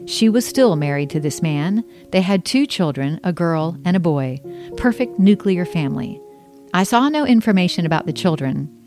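Memoir narrator: woman author reading her own story, intimate and wry, lower voice. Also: a little mellow. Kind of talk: first-person memoir narration.

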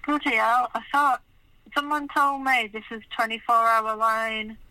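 A man's voice: very high-pitched, little pitch movement, unhurried, bright, forceful tone, clear, resonant tone, no room sound, voice pushed up, heavily acted, poor audio. A man voicing an exasperated woman leaving an answerphone message and pleading for a call back. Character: flustered woman caller covered in flea bites.

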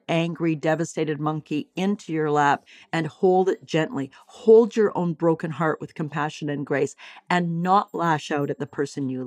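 A woman speaking as a psychologist and teacher, giving an expressive motivational talk on acceptance. She calls her listeners sweethearts and darlings and slows down to stretch key phrases. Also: low-pitched, no room sound, clean studio sound.

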